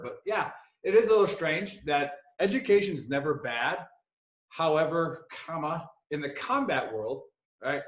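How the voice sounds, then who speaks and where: A man hosting a casual podcast, rambling and joking with frequent swearing. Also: fairly high pitch. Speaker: podcast host. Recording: echoey room.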